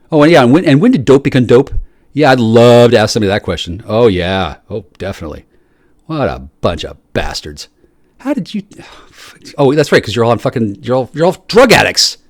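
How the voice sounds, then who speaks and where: A man's voice: lowish voice, dry recording. A man delivering an angry, profane solo rant, stammering through restarts as he jabs at his listeners.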